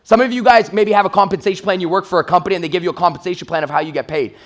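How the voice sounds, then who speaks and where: Guy with a pretty high voice hyping up a crowd on sales, blunt, swears a lot. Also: rapid-fire. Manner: energetic, blunt storytelling with profanity. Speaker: sales trainer. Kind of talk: motivational stage talk.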